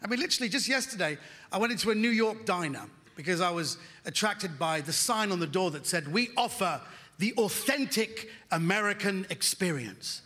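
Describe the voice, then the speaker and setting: A man in his fifties from Britain doing animated stand-up comedy in a large theatre, breaking into shouts and sung lines. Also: high voice, normal speed. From United Kingdom. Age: 50s. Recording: theatre hall, audience noise. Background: crowd laughter.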